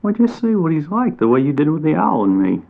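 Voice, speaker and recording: A man voicing a cheerful male chipmunk who speaks in a brisk, encouraging way. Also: fairly high pitch, very animated, gravelly, pitched above the performer's own voice. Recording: tinny phone-like audio.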